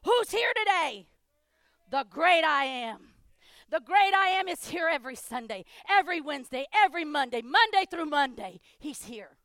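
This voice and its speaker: A woman pastor preaching a sermon, driving home repeated declarations and swinging between loud proclamations and hushed asides. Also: high-pitched, expressive, moderate pace, dry recording, studio quality.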